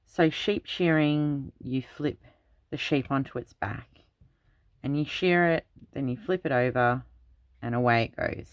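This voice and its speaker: A woman's voice: extremely low pitch, unhurried, dry recording. A woman hosting a craft video, telling long rambling childhood stories in a casual chat while she works. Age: adult parent. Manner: rambling anecdotal storytelling. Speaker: craft channel host.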